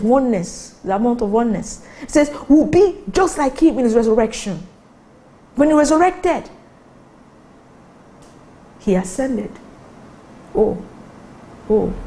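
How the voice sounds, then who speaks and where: Woman preacher, mellow and warm, teaching scripture with animated, pitch-jumping emphasis. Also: poor audio. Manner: animated, rising sharply in pitch for emphasis, asks listeners if they follow. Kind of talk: sermon teaching from the Bible.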